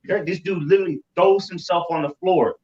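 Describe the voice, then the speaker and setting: A man recounts events in animated, casual chat, stumbling over repeated words and cursing as he goes. His voice sits a little high and comes from away from the mic. The sound is roomy and dull. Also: fairly quick, recorded from a distance. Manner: animated, repeats himself, swears. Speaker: religious group member. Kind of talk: casual storytelling.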